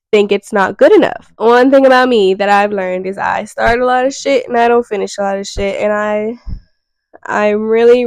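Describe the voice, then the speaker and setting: Candid young woman with a gravelly voice. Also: mid-range voice, a little mellow, no room sound, rough recording. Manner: frank and rambling, swears casually. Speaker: vlogger. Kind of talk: candid self-reflective monologue.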